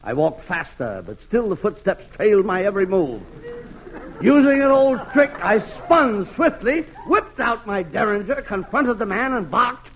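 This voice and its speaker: A man's voice: high voice, lively intonation, measured pace, fairly bright tone. A man doing hammy, mock-hardboiled narration as an inspector in a 1940s radio comedy. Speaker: comic narrator playing an inspector. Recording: muffled hissy old radio recording.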